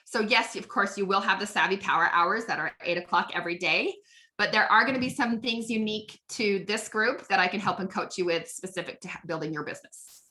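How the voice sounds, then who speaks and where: A woman's voice: medium pitch, brisk, bright, forceful tone. A woman coaching a live online group on network marketing, chatty and upbeat, often asking "right?".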